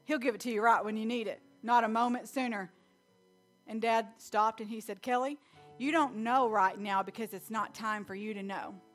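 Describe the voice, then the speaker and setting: A woman's voice: a little high, steady tone. Give me a young woman preaching an emphatic sermon in church, with faint music behind her. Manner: emphatic, repeats key lines slowly.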